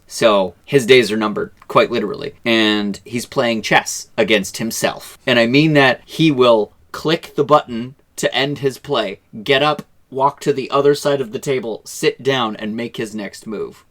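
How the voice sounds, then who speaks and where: A man's voice: on the low side, fairly bright tone. A man co-hosting a casual podcast, retelling movie scenes with laughter. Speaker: podcast co-host. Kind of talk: casual chat, film review.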